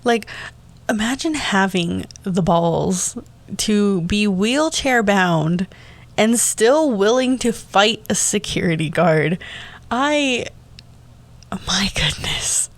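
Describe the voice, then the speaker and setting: A young man hosting a casual solo podcast, telling a rambling story with animated asides, little laughs and hushed remarks. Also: high voice, takes it slowly. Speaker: podcast host.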